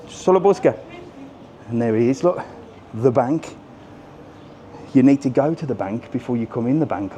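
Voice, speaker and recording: A man doing a casual, cheeky live walking vlog, chatting straight to his viewers and reading out their messages as he goes. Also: medium pitch. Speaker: travel vlogger on a live walking stream. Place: outdoors on resort streets. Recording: faint outdoor street noise. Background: faint street and traffic noise.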